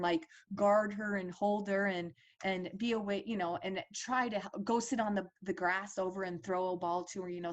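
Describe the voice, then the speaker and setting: A mid-range-voiced woman in her forties shares a personal story as a parent advocate, speaking earnestly and conversationally with fillers and restarts.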